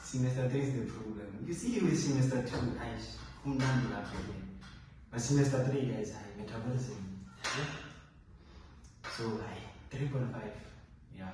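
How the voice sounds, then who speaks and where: A man's voice: mid-range voice, moderate pace, background noise. A young man, a medical student talking casually with lots of exclamations. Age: young adult. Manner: exclamatory, animated casual talk. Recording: echoey room, distant mic.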